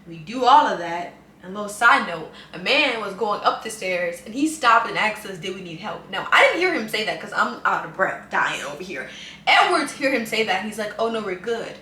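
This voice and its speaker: This New Orleans vlogger, a woman in her 20s, has a mid-range voice and a moderate pace as she tells a chatty, dramatic casual storytime with lots of animation. The camera mic picks up a roomy echo and faint hum, and she's slightly off-mic.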